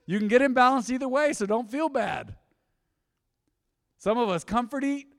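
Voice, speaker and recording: A man's voice: very high-pitched, expressive, normal speed, vocal fry, big-room sound. A man in his thirties preaching a casual, conversational sermon to a church congregation, full of rhetorical questions and asides. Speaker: pastor. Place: church sanctuary.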